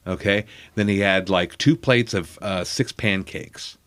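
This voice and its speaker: A fairly low-voiced man tells a loose, rambling story as a guest. He circles back with fillers and asides, in the relaxed rhythm of a comedian chatting. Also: measured pace. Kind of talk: casual anecdotal storytelling.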